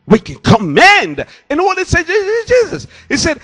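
A man's voice: extremely high pitch, huge pitch swings, unhurried, bright, forceful tone, soft background music. A man preaching a sermon in church into a handheld microphone, pressing his point with rhetorical questions. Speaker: pastor.

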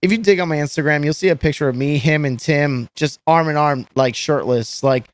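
A man's voice: fairly high pitch, a little fast, no room sound. A man telling stories as a podcast guest, rambling and swearing with many restarts. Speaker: guest musician. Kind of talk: casual storytelling chat.

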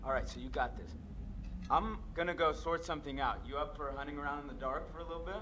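A man's voice: on the high side, fast, natural voice. A man playing a crude teasing young guy. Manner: mocking, boastful. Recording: game audio with background noise.

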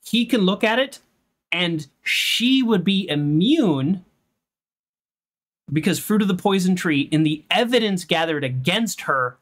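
A game streamer giving heated, animated commentary during a playthrough, ranting and arguing points out loud. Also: mid-range voice, measured pace. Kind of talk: let's play commentary.

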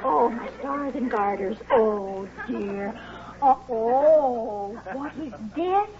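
A flustered prim secretary. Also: female voice, on the high side, animated, takes it slowly, darkish tone, dull audio, some chatter behind. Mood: fretful. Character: fussy devoted middle-aged secretary. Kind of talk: 1980s sitcom acting.

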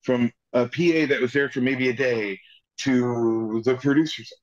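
A man in his forties, an actor being interviewed, telling stories in a lively way and jumping up in pitch to quote others. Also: measured pace. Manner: animated storyteller, jumps pitch when quoting people. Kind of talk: casual storytelling interview. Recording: slightly muffled sound.

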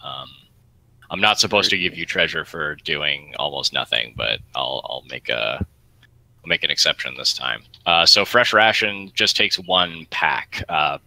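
A man narrating a tabletop game as game master, describing scenes in a halting way with many fillers. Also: extremely low pitch, animated, gravelly, bright, forceful tone, dry recording, low-quality recording.

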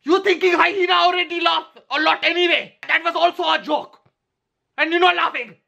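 A man's voice: extremely high pitch, fairly even intonation, moderate pace, gravelly, bright, forceful tone, highs cut off, faint music behind, voice pushed up, full character voice. A man putting on a bragging Pakistani dad. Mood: boastful. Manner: rambling, bragging, laughing at own jokes. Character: boastful older Pakistani dad telling corny jokes.

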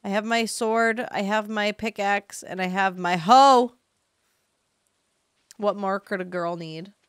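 Slow-talking woman streamer, sarcastic. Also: medium pitch, clean tone, dry recording, studio quality. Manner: chatty, sarcastic, swears, yelps when panicked. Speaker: streamer playing a farming game. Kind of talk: casual let's-play commentary to chat.

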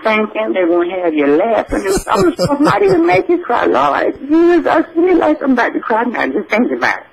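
A man's voice: very high voice, huge pitch swings, brisk, vocal fry, over a noisy crowd, exaggerated voice, poor audio. A man playing a churchy elderly grandmother who calls everyone sugar and keeps calling on the Lord. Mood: preachy. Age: older. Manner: effusive, preachy, exclaims Lord and Jesus. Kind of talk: comic call-in character bit.

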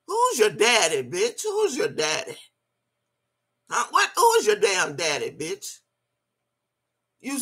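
Gravelly, profane woman ranting on a live stream. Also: a little high, sharp tone. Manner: profane, scolding, mocking, laughs often. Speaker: livestream host. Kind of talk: live-stream rant answering chat.

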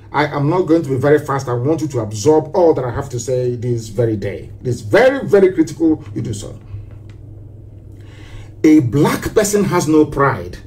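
A man giving a live broadcast speech as a political activist, impassioned and preachy, hammering home rhetorical questions and repetitions. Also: high voice. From southeastern Nigeria.

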